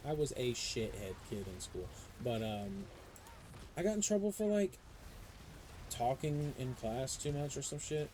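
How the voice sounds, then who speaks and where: Warm-voiced, foul-mouthed young male streamer. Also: medium pitch, a little slow, a little hiss or hum, poor audio. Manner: profane, animated ranting storyteller. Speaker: live streamer. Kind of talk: casual chat while gaming.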